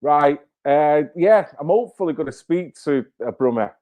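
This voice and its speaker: A man's voice: on the high side, expressive, moderate pace, few pauses, dark tone. A man hosting his own channel, talking in a blunt, fired-up way with swearing and rhetorical questions. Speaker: channel host. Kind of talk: casual live-stream commentary.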